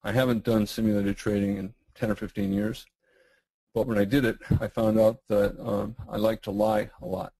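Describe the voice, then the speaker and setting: Gravelly, hoarse middle-aged man, halting. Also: fairly low pitch, flat delivery, mellow, dry recording, rough recording. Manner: halting, many fillers and restarts. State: losing his voice, clearing throat. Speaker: guest trading educator. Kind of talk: webinar Q&A answers.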